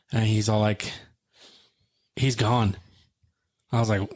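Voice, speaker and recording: His voice on the low side with little pitch movement, a man co-hosting a podcast tells an emotional story unhurriedly, pausing often. The talk is casual, and he acts out the phone calls in quoted dialogue.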